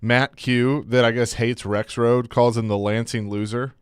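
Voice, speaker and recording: A man co-hosting a casual sports talk radio show in a studio, opinionated, halting and restarting, reading listener texts aloud. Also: mid-range voice, little pitch movement, smooth, dry recording. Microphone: studio mic.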